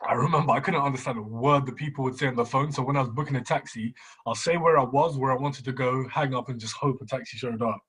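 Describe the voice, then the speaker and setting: Young guy cohosting a podcast, breathy voice, slangy, keeps repeating himself. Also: mid-range voice, quick pace, a bit bright. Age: young adult. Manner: slangy, laughs often, repeats words. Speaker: podcast co-host. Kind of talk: casual chat.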